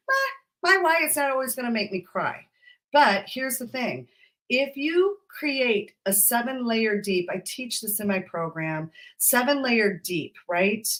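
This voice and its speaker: A woman's voice: a little high, fairly bright tone. A fired-up woman coaching straight to camera, sassy and emphatic. She sounds like a motivational business coach hyping up her viewers on a live stream.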